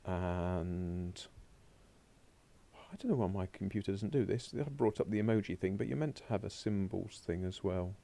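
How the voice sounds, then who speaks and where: A man's voice: sits low, moderate pace, vocal fry, dark tone. A man teaching a recorded remote French lesson, chatting to himself as he works through slides on a laptop. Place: home or classroom desk at a laptop.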